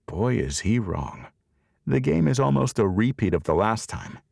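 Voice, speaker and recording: A man narrating a romance audiobook in the first person, expressive and storytelling, on a close studio mic. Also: lowish voice, moderate pace, creaky, no room sound.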